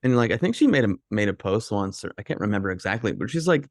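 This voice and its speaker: A man's voice: medium pitch, sing-song, quick pace, hardly any pauses, no room sound, studio quality. A middle-aged man co-hosting a podcast, talking in a loose, rambling way with many fillers. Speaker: podcast co-host. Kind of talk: casual conversation.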